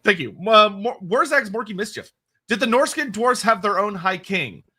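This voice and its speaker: A man co-hosting a casual livestream, reading chat questions and answering quickly, with restarts and laughs. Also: high-pitched, animated, sharp tone, breathy edge. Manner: quick, digressive, laughing, self-correcting.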